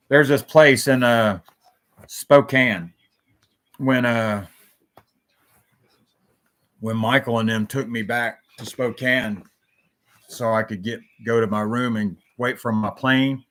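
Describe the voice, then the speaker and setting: A man's voice: medium pitch, measured pace, long pauses, a bit bright. A man hosting a solo talk show, rambling and jumping between stories, swearing freely.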